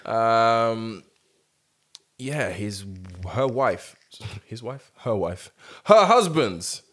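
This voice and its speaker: Co-host: young man, a bit low, animated and sweary in casual chat. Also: extremely slow. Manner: animated, swears freely, rising to loud outbursts. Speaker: podcast co-host.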